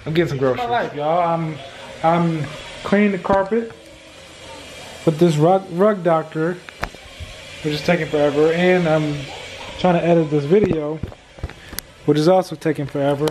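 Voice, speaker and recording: A man chatting casually in a home vlog, rambling and relaxed as he explains his chores. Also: fairly high pitch, moderate pace, pauses often, background noise. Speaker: vlogger, husband. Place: carpeted home room. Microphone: handheld compact camera.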